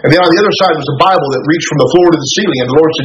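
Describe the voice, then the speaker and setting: A man retelling a story on a radio talk show in a folksy way, quoting each person's dialogue as he goes. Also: a little high. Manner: rapid, folksy retelling full of quoted dialogue. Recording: echoey, dull radio recording with noise.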